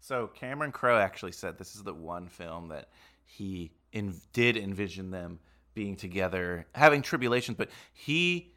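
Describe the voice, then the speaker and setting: A man with a bright, forceful voice that sits a little low, co-hosting a relaxed movie chat. He laughs easily and slips into quick impressions while he talks it through. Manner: laughs often, animated retellings. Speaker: podcast co-host. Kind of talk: casual movie discussion.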